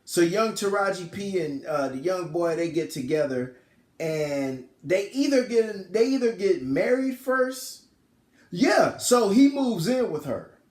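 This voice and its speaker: A man's voice: sits high, sing-song, a little slow, a little mellow, echoey room. A man casually retelling a film's plot in a rambling, slangy way, often correcting himself. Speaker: film reviewer.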